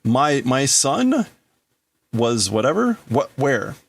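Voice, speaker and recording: Guy on a stream working through a manga translation, slow and chatty, trailing off mid-phrase. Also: on the low side, vocal fry. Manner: thinking aloud, breaking up phrases, laughing at himself. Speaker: livestream host. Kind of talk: casual translating of manga on a livestream.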